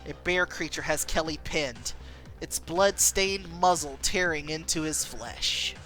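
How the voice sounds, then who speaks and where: A woman's voice: low voice, faint music behind, low-quality recording. Woman reading a story game aloud. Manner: animated, quick reading with voices. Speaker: streamer.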